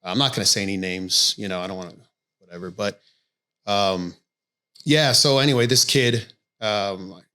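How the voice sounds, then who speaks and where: A man's voice: fairly low pitch, normal speed, bright, forceful tone, smooth. A man who coaches boxing, telling stories candidly in a casual podcast conversation and swearing often. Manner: candid storytelling with frequent swearing.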